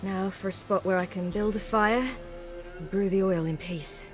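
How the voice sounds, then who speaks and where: Woman playing a cool young monster huntress in a game, calm and matter-of-fact, game music under her. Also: medium pitch, normal speed, close to an everyday voice. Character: composed young female monster hunter.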